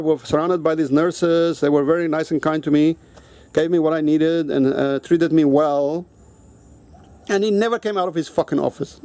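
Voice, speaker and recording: A man with a fairly high voice tells a personal story as a casual vlog rant. He is blunt and heated, swearing constantly. His delivery is loose and conversational, full of restarts. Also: a little mellow. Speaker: vlogger.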